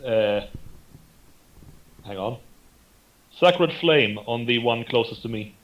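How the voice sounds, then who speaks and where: A tabletop player comes through muffled and lo-fi, as if over a call. He speaks in short, offhand bursts at a middle pitch. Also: animated, slow pace. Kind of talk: casual tabletop play.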